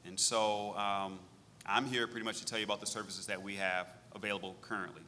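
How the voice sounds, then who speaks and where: A middle-aged man, a veterans services director presenting at a public meeting, talking briskly and directly and repeating phrases for emphasis. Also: on the low side, flat delivery, bright, forceful tone, long reverb tail, slight background noise.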